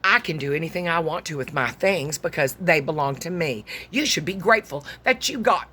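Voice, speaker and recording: A woman's voice: sits low, expressive, fairly quick, pushed and bright, slightly rough, full character voice. A woman voicing a generous male strawberry farmer who hires workers in a folksy, friendly way. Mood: firm.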